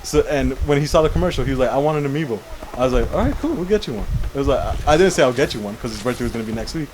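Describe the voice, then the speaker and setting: A man's voice: mid-range voice, very fast, a little mellow, slight background noise, rough recording. A young man co-hosting a casual chat show, telling a long rambling story and often saying "how you call it". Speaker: podcast co-host.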